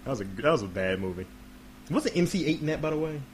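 A man's voice: a little high, fast, a little hiss or hum. A man hosting a podcast in casual comedic chat, swearing freely and acting out quoted voices. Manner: profane, animated, acts out quotes. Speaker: podcast host.

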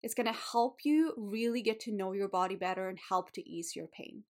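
A woman's voice: mid-range voice, fairly quick, darkish tone. Candid woman yoga teacher podcasting. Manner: candid, emotional, swears casually. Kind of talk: casual solo podcast talk.

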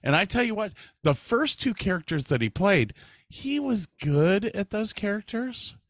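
A man's voice: high-pitched, measured pace, no echo, clean studio sound. A man co-hosting a podcast in casual chat, reading facts aloud and reacting. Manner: reads facts aloud with lively, animated delivery. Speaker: podcast co-host.

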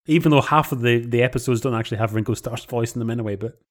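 A man in a casual discussion, measured and deliberate, with dry humor. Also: mid-range voice.

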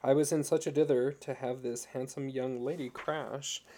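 A courteous older gentleman with a cane speaks with perfect calm and mock apology, as a male narrator voices him. His tone is mellow and gentle, yet quietly dangerous. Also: medium pitch, normal speed, lightly acted.

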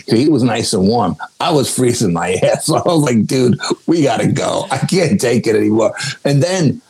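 A man telling a story in casual talk, animated and swearing freely, acting out the dialogue. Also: fairly low pitch, breathy edge, low-quality recording. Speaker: guest, paranormal investigator.

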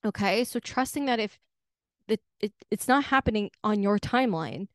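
A woman's voice: medium pitch, expressive, normal speed, no room sound, studio quality. A young woman hosting a solo podcast, chatty and upbeat, filling her talk with "like" and "right?". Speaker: podcast host.

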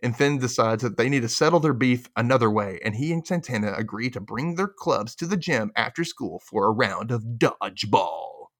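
Brief: young male podcast host, mid pitch, very expressive intonation, chatty and laughing. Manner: animated, chatty, self-amused with frequent laughs. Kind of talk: casual episode recap.

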